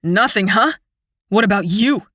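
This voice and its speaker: A woman's voice: medium pitch, animated, measured pace, fairly bright tone, no room sound, studio quality. A woman voicing a bitter young fairy man. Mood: bitter scorn. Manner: sneering, accusing. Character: young male fairy, bitter and scornful brother.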